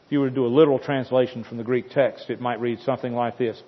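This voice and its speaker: Husky preacher man in an echoing hall. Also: medium pitch, steady tone, fast. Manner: dramatic storytelling with emphatic repetition. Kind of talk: sermon. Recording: dull sound with long hall reverb.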